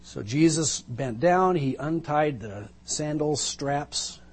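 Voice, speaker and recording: A man's voice: on the high side, expressive, slow, slightly rough. A male pastor preaching a sermon, retelling a Bible story vividly and with emphasis, pulling listeners into the scene.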